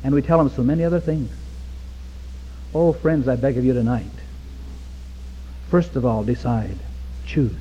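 A man preaching a sermon with passion, swinging from hushed pleading to near-shouting. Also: medium pitch, normal speed, long pauses, slight background noise. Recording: dull recording with long hall reverb.

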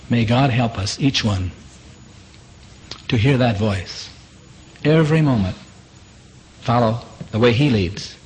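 Man preaching a sermon, earnest, repeats himself a lot, mid-pitched, faint hiss behind. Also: darkish tone, rough recording. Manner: earnest, repetitive, rhetorical questions.

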